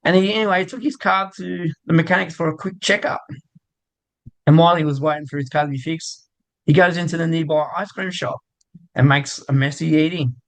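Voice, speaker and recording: A man's voice: a little high, brisk, vocal fry, poor audio. A man giving football tips and telling a short gag in easygoing studio banter. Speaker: football tipster. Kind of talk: casual pre-game banter.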